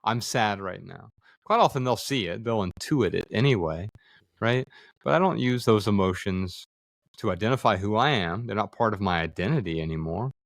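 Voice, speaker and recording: A man's voice: lowish voice, lively intonation, a little fast, no room sound, studio quality. A man in his forties, a podcast guest, telling a personal story in an earnest, reflective way and acting out quoted dialogue. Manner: earnest, acts out quoted dialogue, frequent fillers. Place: studio room with others present.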